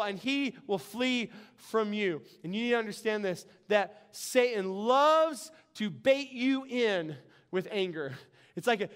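An excitable pastor preaching with a lively, animated delivery and frequent laughter. His voice sits high for a man and rings smooth and clear. He speaks to his listeners in a warm, practical way. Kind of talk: sermon.

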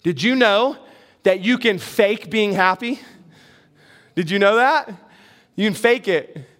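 A middle-aged man delivers a sermon in a very high voice. He keeps it conversational, putting questions to the congregation and teasing himself along the way. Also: animated, takes it slowly, fairly bright tone. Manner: conversational, asks the congregation questions, self-deprecating humor. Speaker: pastor.

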